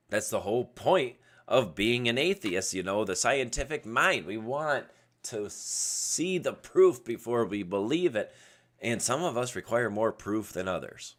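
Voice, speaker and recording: A man's voice: on the low side, lively intonation, a little slow, a bit bright. A man hosting a casual solo livestream podcast at his computer webcam, rambling and going off on tangents. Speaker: podcast host. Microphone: webcam setup at a computer.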